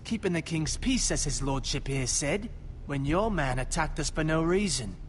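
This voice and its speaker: An actor playing a surly common soldier in a video game, speaking in a low, grudging way. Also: male voice, animated, moderate pace, a little hiss or hum, close to an everyday voice.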